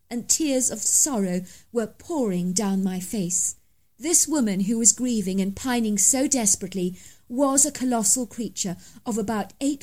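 A woman's voice: mid-range voice, darkish tone. A woman reading a first-person story aloud as scripted narration, in a dramatic, emphatic manner.

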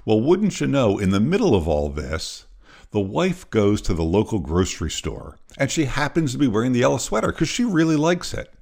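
A man hosting a podcast, telling a story in an animated way and acting out the voices. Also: mid-range voice, normal speed, vocal fry. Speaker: podcast host.

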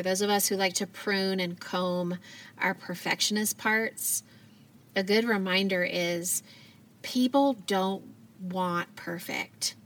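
A woman in her thirties, a mother, hosting a reflective solo podcast in a gentle, earnest, heartfelt way. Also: fairly low pitch, recorded from a distance. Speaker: podcast host.

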